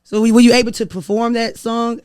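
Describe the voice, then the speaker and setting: A man hosting a casual podcast interview, encouraging his guest with quick reactions. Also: extremely high pitch, level tone, clean tone, no echo, clean studio sound. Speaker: podcast host.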